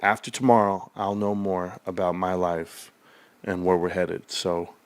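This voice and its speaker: A man's voice: sits low, little pitch movement, unhurried. A middle-aged man chatting casually with his livestream viewers, rambling and calling them bro. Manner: rambling, talks to viewers as bros. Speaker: stock market YouTuber.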